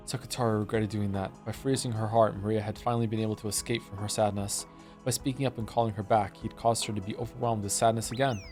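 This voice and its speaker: A man reading a visual novel aloud on a live stream, narrating in an even voice with casual asides. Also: on the low side, fast, over music. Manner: casual, self-deprecating asides.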